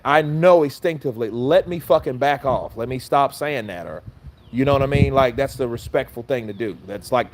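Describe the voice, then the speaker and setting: A man's voice: mid-range voice, slight background noise. A man telling a personal story in a casual, profane, rambling rant, full of restarts and quoted back-and-forth dialogue. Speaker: commentator.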